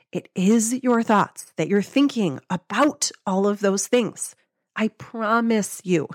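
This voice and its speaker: A woman's voice: a little high, no echo. Chatty upbeat woman, close and dry. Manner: upbeat, chatty, many "like"s and laughs. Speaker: podcast host and life coach. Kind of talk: casual motivational talk.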